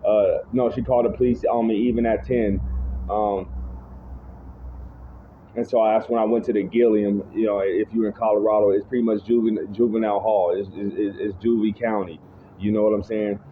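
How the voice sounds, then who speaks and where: A man's voice: fairly low pitch, flat delivery, moderate pace. A man casually telling his own life testimony, rambling, restarting his sentences and often saying "you know what I'm saying". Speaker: speaker giving personal testimony. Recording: tinny phone-like audio with faint noise.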